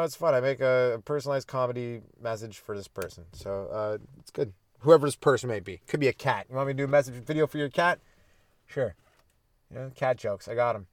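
A man's voice: mid-range voice, no room sound. A man hosting a podcast as a stand-up comedian, riffing crudely and rambling through jokes in a casual monologue.

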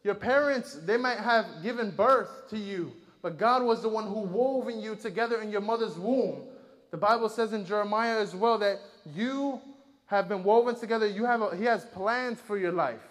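A man's voice: sits high, moderate pace, a bit bright, long reverb tail. A man preaching a sermon, retelling scripture in an earnest, conversational way with frequent fillers.

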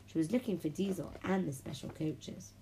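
A woman reading a children's storybook aloud, lively and friendly, giving the characters their own voices. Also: low-pitched, normal speed, vocal fry, slight background noise, rough recording. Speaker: children's audiobook reader.

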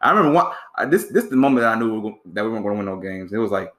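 A man's voice: lowish voice, expressive, racing, fairly bright tone, echoey room. Young guy hosting a podcast, chill rambling stories, lots of slang and cussing. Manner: laid-back storytelling with slang and swearing. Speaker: podcast host. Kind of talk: casual chat.

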